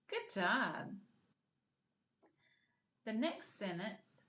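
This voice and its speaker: A woman with a Southern US accent teaching a kindergarten reading lesson, repeating words slowly and clearly for young children. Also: medium pitch, very animated, a bit bright. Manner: slow, sing-song, repeats words for children.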